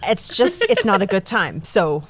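A woman's voice: medium pitch, sing-song, a little slow, slightly rough. A woman hosting a true-crime podcast in casual chat, giggly and self-deprecating, rambling with many restarts. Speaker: podcast host.

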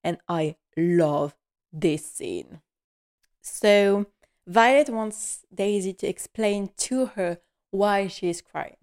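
A woman chats through a casual episode recap, laughing often and leaning on fillers as she talks. Her pitch sits in a middle range. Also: takes it slowly, a little mellow.

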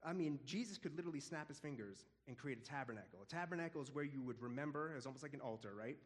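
A man teaching a casual Bible study in an animated, conversational way, often chuckling. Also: mid-range voice, fast.

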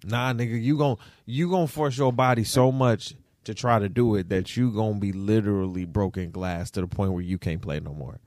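A young man co-hosting a casual basketball talk show, animated and profane, swinging between loud outbursts and mutters. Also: lowish voice, moderate pace, hardly any pauses, dry recording, studio quality. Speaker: podcast co-host.

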